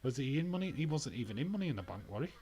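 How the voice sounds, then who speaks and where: A man's voice: medium pitch, big pitch swings, rapid-fire, dark tone. A man giving casual, blunt commentary as he watches along with an old wrestling event, ranting and swearing freely.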